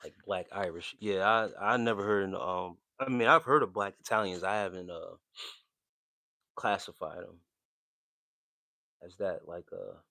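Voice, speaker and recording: A man's voice: sits low, a little slow, creaky, long pauses, pushed and bright, no room sound. A man, hosting a livestream and chatting loosely with his chat, full of fillers and slang. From New Jersey. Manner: laid-back, loose slangy talk with many fillers. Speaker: livestream host reading chat.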